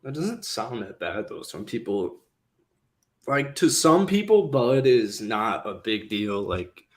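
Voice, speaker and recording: A man's voice: fairly low pitch, sing-song, takes it slowly. A man co-hosting a basketball talk show, casual and laid-back, often stumbling and restarting his sentences.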